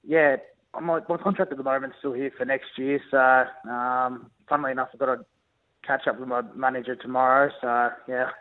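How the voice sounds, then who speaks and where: A young man answering radio questions over a tinny, narrow phone line. His voice is middle-pitched and relaxed, and he wanders through his answers with lots of ums and restarts. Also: moderate pace. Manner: relaxed, rambling with fillers and restarts. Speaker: guest rugby league player.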